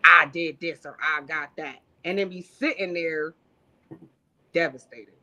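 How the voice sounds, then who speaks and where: A woman's voice: low voice, unhurried, pushed and bright. A woman on a livestream talk show, giving blunt, profane advice in a preachy way.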